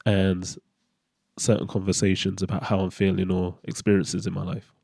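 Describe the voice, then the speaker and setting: Gravelly-voiced man, candid and hesitant. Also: deep voice, flat delivery, moderate pace, a little mellow, no echo, clean studio sound. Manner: candid, hesitant, with frequent fillers and restarts. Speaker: podcast host. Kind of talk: reflective personal monologue.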